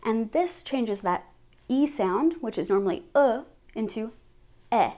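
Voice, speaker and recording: A woman with a slightly high voice teaches French pronunciation in a scripted lesson. She says each example sound slowly and clearly so it can be copied. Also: expressive, darkish tone.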